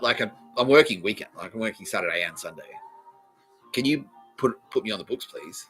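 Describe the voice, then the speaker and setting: With soft music in the background, a young Australian man hosts a podcast and delivers a comic, foul-mouthed story, voicing the people in it and laughing frequently. His voice is fairly low, sharp in tone, and brisk.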